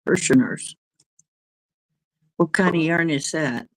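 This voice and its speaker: Middle-aged woman rambling on her livestream, low voice, dry close sound. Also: slow pace, dry recording, low-quality recording. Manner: rambling, drifting, reacting to chat comments. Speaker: livestream host reading chat. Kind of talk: casual livestream chat.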